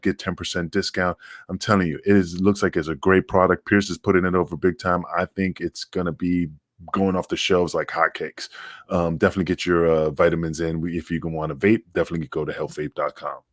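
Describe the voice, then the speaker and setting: A man's voice: low voice, dry recording, clean studio sound. A man with a New York accent, co-hosting a podcast in casual, rambling chat with frequent restarts. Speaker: podcast co-host.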